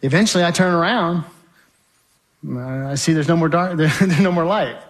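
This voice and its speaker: A man with a somewhat high voice recounts his story in a dramatic, storytelling way. He is vivid and emphatic and often turns to the audience. His delivery is lively and direct. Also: normal speed. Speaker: speaker giving a testimony.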